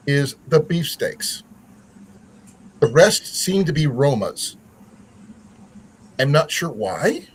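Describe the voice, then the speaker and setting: A man's voice: fairly high pitch, rough recording. A man hosting a casual livestream chat, rambling with many fillers and restarts. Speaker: channel host.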